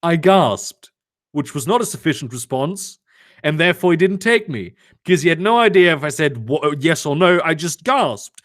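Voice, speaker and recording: A young man reads a story aloud on a live stream and keeps stopping to mock it in a sarcastic, foul-mouthed way. His voice sits a bit high and swings a lot in pitch. He also chats with his viewers between lines. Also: moderate pace. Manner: sarcastic, swearing, animated asides. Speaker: streamer reading fanfiction aloud. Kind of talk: comedic live-stream reading with commentary. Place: home, lives in Germany.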